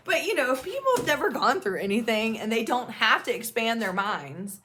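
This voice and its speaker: A woman's voice: a little high, animated, fairly quick, pushed and bright. A woman in her thirties, an OCD peer support advocate, talking straight to her viewers in an earnest, reassuring and emphatic way. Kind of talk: direct-to-camera talk.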